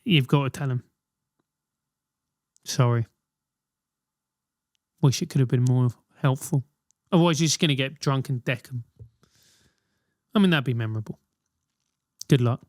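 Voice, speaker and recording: A man's voice: mid-range voice, measured pace, long pauses, darkish tone, dry recording, studio quality. A man hosting a solo comedic advice podcast, rambling and swearing through comic rants. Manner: rambling, profane, comic ranting. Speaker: podcast host.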